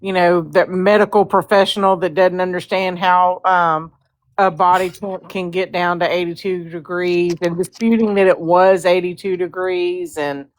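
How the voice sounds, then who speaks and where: A woman's voice: on the low side, fairly even intonation, normal speed. A woman co-hosting a live stream in casual chat, blunt and sarcastic.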